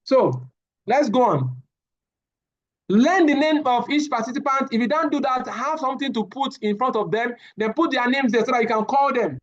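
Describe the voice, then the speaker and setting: In a very high voice at a moderate pace, a man delivers a live safety training lecture, animated and often repeating his words to the class. The audio sounds dull.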